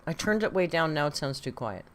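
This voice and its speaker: A woman's voice: sits low, sing-song, brisk. A woman hosting a casual live-stream reaction, chatty and exclamatory with some swearing. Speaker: livestream reaction host.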